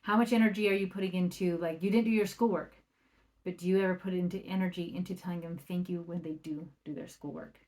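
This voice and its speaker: A woman's voice: on the low side, steady tone, fast. A woman parenting coach talking on her solo podcast in a conversational way, often checking in with "right?". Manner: acts out quoted remarks in a livelier or softer voice.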